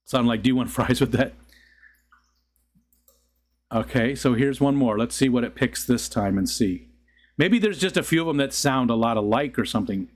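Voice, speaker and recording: A man's voice: mid-range voice, expressive, brisk. A middle-aged man hosting a casual live stream, rambling and chuckling as he talks to his chat. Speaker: livestream host.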